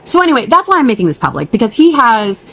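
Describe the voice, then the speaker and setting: A woman's voice: fairly high pitch, big pitch swings, fast talker, a bit bright, slight background noise, low-quality recording. A young woman telling a storytime vlog, ranting and upset, blunt and profane, on the verge of tears. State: near tears.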